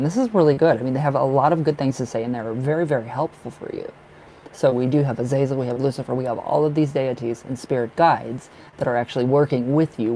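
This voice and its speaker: A man's voice: mid-range voice, dark tone, slight background noise, rough recording. A young man chatting loosely through a live tarot reading, rambling and laughing often. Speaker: tarot reader.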